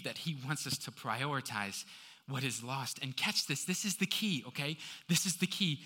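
A man's voice: mid-range voice, animated, moderate pace, pushed and bright, breathy edge. A male pastor preaching a sermon, urging listeners and repeating key phrases for emphasis.

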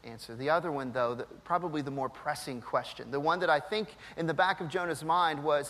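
High-voiced male pastor in a reverberant hall. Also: a little fast, hardly any pauses. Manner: animated storytelling, acts out voices. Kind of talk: sermon with personal story. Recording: long reverb of a large hall.

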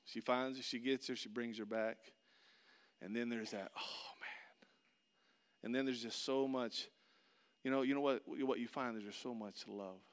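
A middle-aged man preaching a sermon, telling a personal story and swinging between loud excitement and hushed, soft passages. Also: mid-range voice, normal speed. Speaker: pastor. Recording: long hall reverb.

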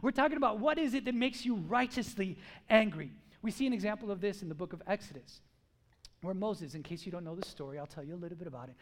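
A man with a strikingly high voice delivers a sermon. He speaks with emphasis, keeps putting questions to his listeners and acts out what people say. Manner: emphatic, asks the crowd questions, acts out quotes. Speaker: preacher.

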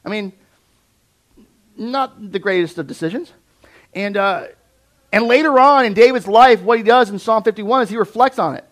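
Animated male preacher, high voice. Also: normal speed, pauses often. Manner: conversational, animated, acts out voices of Bible figures. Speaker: pastor. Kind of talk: sermon.

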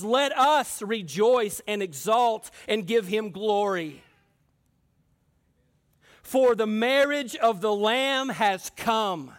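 A male pastor with a strikingly high voice delivers a fervent sermon. He preaches with emphasis and keeps turning to address his listeners directly. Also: fairly bright tone.

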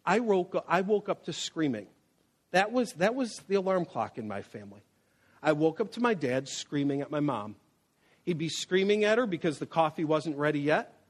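A man preaching about anger in an animated, storytelling way, weaving in personal memories. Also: fairly high pitch. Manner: animated, storytelling, with acted quotes. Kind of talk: sermon on anger with personal stories.

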